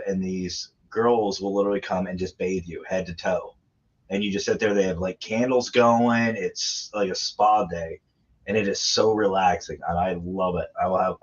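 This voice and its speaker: Deep-ish guy spinning raunchy travel yarns on a podcast, kinda dull lo-fi sound. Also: breathy edge. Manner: crude, laughing anecdotes. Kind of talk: casual storytelling chat.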